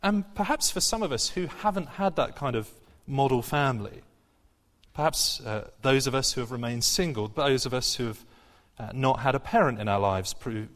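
A man preaching a sermon in an earnest, conversational way, with frequent fillers and restarts. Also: medium pitch. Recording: long hall reverb.

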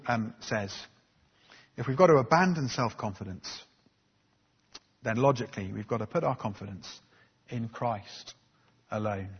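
A man delivers a sermon in a chatty, self-deprecating manner, full of little fillers. His voice is very husky and breathy. The sound is dull, with a long reverb trailing through the church. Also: medium pitch. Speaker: preacher.

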